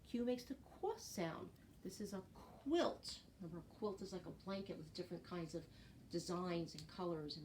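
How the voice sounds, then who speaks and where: A woman's voice: on the low side, darkish tone, slight background noise. A woman teaching preschool children the alphabet, chanting letter sounds in a sing-song voice and asking them questions.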